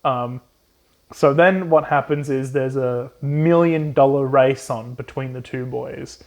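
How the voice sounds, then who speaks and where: A young man co-hosting a casual book recap, swearing freely and quickly acting out the characters in put-on voices. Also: medium pitch, fairly even intonation. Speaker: podcast co-host.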